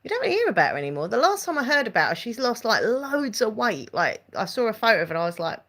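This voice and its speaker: A woman's voice: on the high side, big pitch swings, fast, fairly bright tone. A woman hosting a casual live-stream chat, giggling often and reading out viewer comments. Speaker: channel host chatting with live viewers.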